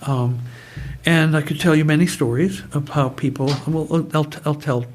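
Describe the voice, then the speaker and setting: A man's voice: on the high side, fairly even intonation, normal speed, a little hiss or hum. An older man, a neurofeedback researcher, telling stories in a conversation, restarting often and raising his voice to act out quoted speech. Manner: rambling with repeated restarts; acts out quoted speech with a raised voice. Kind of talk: storytelling in a conversation.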